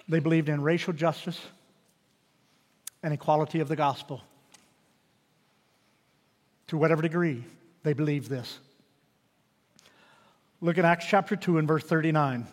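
A man preaching a sermon, animated and swinging from loud declarations to hushed, intimate pleas. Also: fairly high pitch, normal speed, pauses often, long reverb tail. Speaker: pastor.

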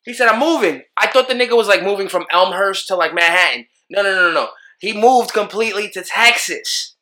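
A teasing man co-hosting a casual podcast, with a high, very bright and sharp voice. He ribs his partner and drifts into laid-back stories. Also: brisk. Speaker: podcast co-host. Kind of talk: casual chat.

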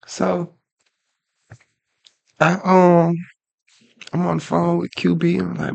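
Male co-host, very low gravelly voice, loose profane storyteller, dry close sound. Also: big pitch swings, slow pace, no echo. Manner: profane, rambling storytelling with many restarts. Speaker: podcast co-host. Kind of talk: casual chat.

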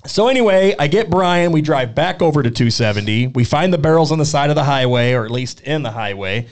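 A man hosting a podcast, telling a rambling story in an animated, casual way. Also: on the high side, fairly quick. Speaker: podcast co-host.

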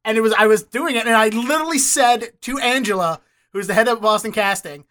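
A man who works as an actor, telling animated stories in casual chat, laughing and cursing now and then. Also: high voice, a little fast. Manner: animated, swearing, laughing storyteller.

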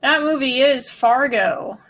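A woman's voice: high-pitched, slow pace, a bit bright. A woman co-hosting a podcast in a casual, joking, rambling chat. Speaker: podcast co-host.

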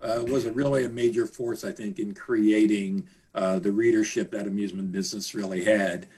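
A man being interviewed, reminiscing in a halting way with repeated words and many fillers. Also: fairly low pitch, fairly even intonation, a little mellow, breathy edge. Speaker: interview guest, trade journalist.

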